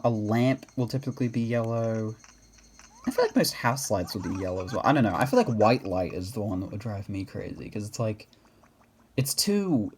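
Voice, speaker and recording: A man's voice: fairly low pitch, a little mellow, husky. An Australian man chatting casually over gameplay, rambling and self-correcting with laughs. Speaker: gaming video host.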